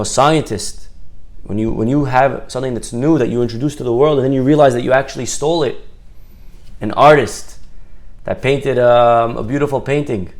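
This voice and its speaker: Man telling a lively Torah story. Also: medium pitch. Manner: animated storyteller, voices characters, stretches words for emphasis. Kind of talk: storytelling talk to an audience.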